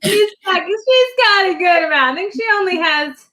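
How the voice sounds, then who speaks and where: A woman in casual chat, excitable and quick to laugh, talking about her first book launch with friends. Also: very high-pitched. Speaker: co-host.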